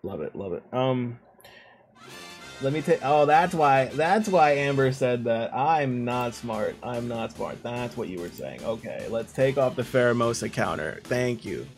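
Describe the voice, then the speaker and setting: A man's voice: mid-range voice, very animated, normal speed, soft background music. Playful rambling man streaming a game. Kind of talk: casual live-stream chat, reading out viewer messages.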